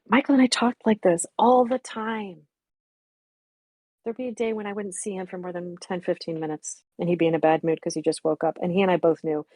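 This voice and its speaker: A woman's voice: fairly low pitch, warm tone, dry recording. A woman in her sixties reminiscing candidly and reflectively, speaking frankly and swearing bluntly at times. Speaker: memorial stream guest.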